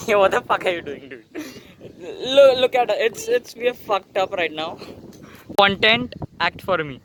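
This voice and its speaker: Excitable young Indian man, high voice. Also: unhurried. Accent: Indian English. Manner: excitable, swears a lot, shouts at friend. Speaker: vlogger. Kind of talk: casual vlog commentary. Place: flooded streets outdoors, riding a bicycle.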